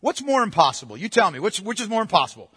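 High, bright-voiced preacher in a reverberant hall. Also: male voice, big pitch swings, fast, husky. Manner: emphatic, rhetorical questions to the congregation. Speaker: pastor. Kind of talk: sermon.

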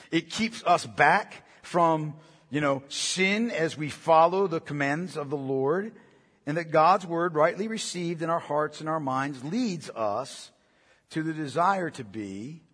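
A pastor preaching with a high, husky voice that rings through a long church reverb. He is earnest and emphatic, and he stacks up rhetorical questions for his congregation. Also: fairly bright tone. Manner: earnest, emphatic, asks many rhetorical questions, often adds "right?". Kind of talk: sermon. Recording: long reverb of a large hall.

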